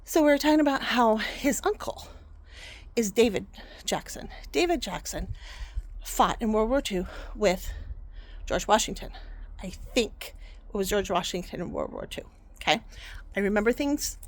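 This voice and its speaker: A woman vlogger casually telling a fond family story, rambling and correcting herself as she goes. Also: fairly high pitch.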